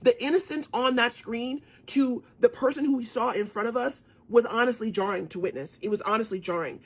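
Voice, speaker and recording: A woman's voice: on the high side, fairly quick. A woman speaking to camera in an earnest, impassioned monologue, often repeating phrases for emphasis. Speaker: cultural commentator.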